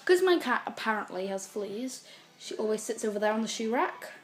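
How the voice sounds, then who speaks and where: High-voiced giggly woman vlogger. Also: animated, brisk. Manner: giggly, chatty, coos at her cat. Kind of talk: casual home video chat. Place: at home. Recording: music playing in the background.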